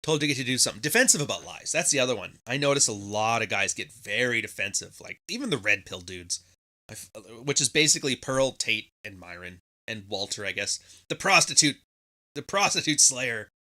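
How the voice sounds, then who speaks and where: Sharp-voiced sarcastic man, lively pitch. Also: a little fast. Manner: profane and sarcastic, mimics others mockingly. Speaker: podcast host. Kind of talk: casual monologue.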